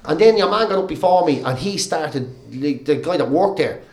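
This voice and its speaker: A man's voice: fairly high pitch, normal speed, roomy sound. An Irish man, a comedian and radio presenter, telling swearing-laced anecdotes in casual chat. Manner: swearing, animated anecdotes, laughing. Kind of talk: casual podcast chat, storytelling.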